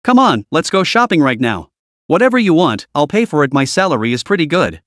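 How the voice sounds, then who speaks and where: A kind, generous young businesswoman who speaks gently, as a male reader puts her on. The voice is lively in pitch and sits somewhat high. It is recorded dry and close. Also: fairly quick, dry recording. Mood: gentle.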